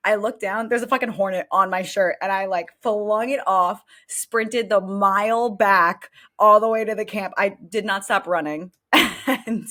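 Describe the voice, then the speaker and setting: A woman co-hosting a podcast, telling a story in a casual, animated way, full of fillers and swearing. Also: mid-range voice, measured pace. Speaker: podcast co-host.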